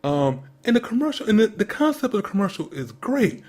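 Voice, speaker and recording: A man's voice: high-pitched, very animated, a little fast, darkish tone. A man co-hosting a sports podcast, ranting in a mocking, incredulous way about commercials. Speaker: podcast co-host. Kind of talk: casual sports commentary rant.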